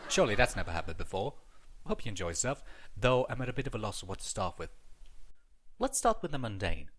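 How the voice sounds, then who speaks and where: A young man delivering a scripted stand-up monologue, quick and wry. His voice is bright and lively, swooping through his jokes. It is recorded up close on a headset mic. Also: on the low side, a little hiss or hum. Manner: wry, animated, joking. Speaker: comedian.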